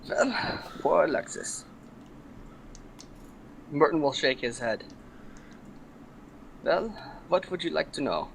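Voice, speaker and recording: A man voicing his own character at a tabletop game, careful and polite in his phrasing. His voice is gravelly and fairly high for a man, with faint room noise behind it. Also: expressive, slow, pauses often, rough recording. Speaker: player. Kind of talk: in-character tabletop role-play.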